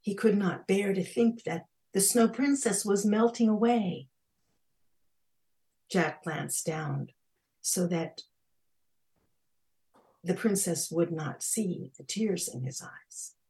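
A woman storyteller reading a fairy tale aloud on a radio storytelling hour, slow and expressive with dramatic pauses. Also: mid-range voice, husky.

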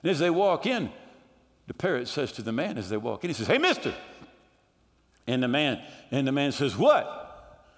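A male pastor preaching a fervent sermon, rising to shouts at times. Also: mid-range voice, lively intonation, fairly quick. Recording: echoey hall reverb.

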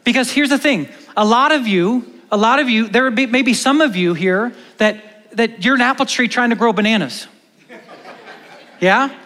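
A man preaching a sermon as pastor, animated, moving between loud stresses and hushed emphatic lines, in a church hall. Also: sits high. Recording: long church-hall reverb.

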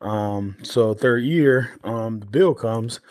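A man in his forties, a guest on a podcast, telling stories in an animated way with many restarts and fillers. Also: lowish voice, slow pace, dry recording, clean studio sound. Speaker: guest, former pro football player turned entrepreneur. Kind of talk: storytelling podcast interview.

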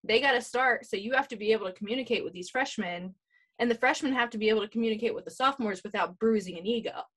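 A woman in her thirties chatting casually, telling animated stories and laughing often. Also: on the high side, fast talker, husky. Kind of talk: casual chat.

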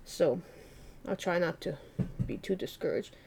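Rambling woman podcast host, low voice. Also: a little slow, gravelly, a little hiss or hum. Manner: rambling, self-deprecating, soft-spoken. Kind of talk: casual solo podcast monologue.

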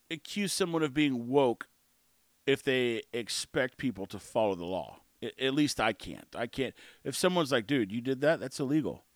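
A man's voice: mid-range voice, fairly bright tone, no room sound. A man giving a blunt, sarcastic opinion monologue, slipping into acted voices.

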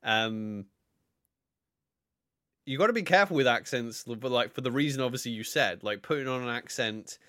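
A man's voice: mid-range voice, lively intonation, normal speed, pauses often, pushed and bright, no room sound, studio quality. A man co-hosting a podcast, giving earnest advice in a casual chat and often restarting his sentences. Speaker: podcast co-host.

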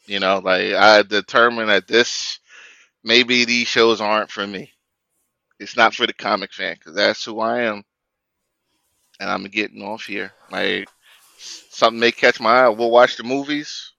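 Brief: tense bright male co-host, stumbling starts, firm critic, lo-fi dry mic. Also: lowish voice, fairly even intonation, vocal fry, dry recording. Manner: halting, repeats words, firm critic. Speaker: podcast co-host. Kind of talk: casual debate chat.

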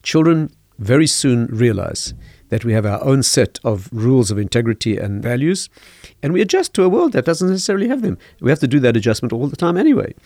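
An older man, a rabbi, explaining parenting calmly in a podcast interview and telling stories. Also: mid-range voice, dry recording. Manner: measured, storytelling, chuckles at own anecdotes. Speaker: rabbi, guest teacher.

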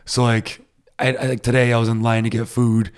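A man's voice: medium pitch, flat delivery, brisk, smooth. A man from Rhode Island chatting casually, rambling and self-deprecating, with lots of fillers. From Rhode Island, USA. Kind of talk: casual chat. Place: Berlin.

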